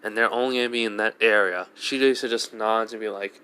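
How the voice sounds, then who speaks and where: A man improvising a fan-fiction story aloud in a rambling way, with many fillers and restarts, and with brief higher voices for the women in it. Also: steady tone, fast talker, few pauses, pushed and bright, clear, resonant tone.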